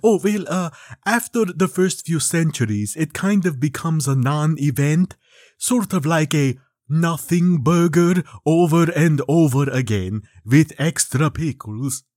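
A man's voice: on the high side, unhurried, darkish tone, no echo, natural voice. A man voicing an ancient male vampire count who speaks with dry, unbothered understatement. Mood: world-weary.

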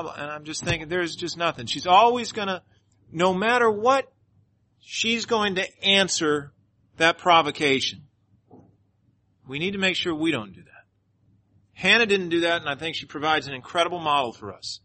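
Preacher: man, fairly high, bright and forceful, animated storytelling sermon. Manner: animated storyteller, earnest preaching, closes in prayer. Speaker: pastor.

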